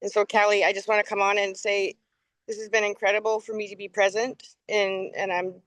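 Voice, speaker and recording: A woman's voice: medium pitch, flat delivery, fairly quick, fairly bright tone, no room sound, poor audio. A woman joining a live video call from outdoors, speaking gratefully and a little hesitantly. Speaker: viewer joining a live session. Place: outdoors near a lawnmower.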